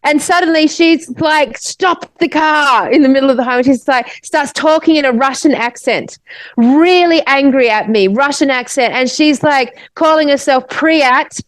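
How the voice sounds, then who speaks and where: An Australian woman, a podcast co-host, telling a long story in casual chat, animated and swearing, restarting her sentences. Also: sits high, normal speed, dry recording.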